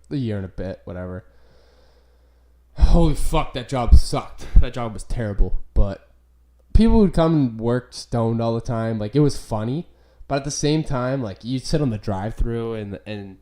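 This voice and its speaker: Young dude rambling on his podcast, mellow tone, swears a lot, says like constantly. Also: on the low side. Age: young adult. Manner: rambling, profane, full of "like" fillers. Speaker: podcast host. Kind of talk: casual chat.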